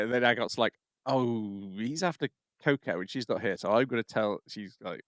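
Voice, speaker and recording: A man's voice: on the low side, moderate pace, few pauses, a bit bright, no echo. A man hosting a podcast, talking casually and hesitantly with many ums. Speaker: podcast host. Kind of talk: casual chat.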